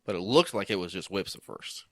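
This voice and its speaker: A man's voice: low-pitched, animated, fairly quick, fairly bright tone, dry recording, clean studio sound. A young man co-hosting a casual podcast, talking loosely with lots of swearing and frequent laughter. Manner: loose, profane, laughs often. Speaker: podcast co-host.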